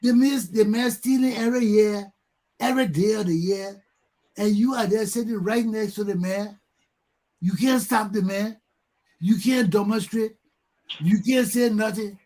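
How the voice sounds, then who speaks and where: High-pitched Liberian man ranting. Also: unhurried. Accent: Liberian English. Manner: mocks people by mimicking their repeated yelling. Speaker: talk show host. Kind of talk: heated talk show commentary.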